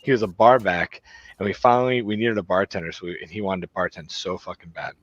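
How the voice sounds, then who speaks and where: Male host, low voice, dry close sound, profane storyteller. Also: quick pace, no room sound, lo-fi sound. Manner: profane, rambling anecdotes with frequent asides. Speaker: show host. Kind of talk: casual storytelling chat.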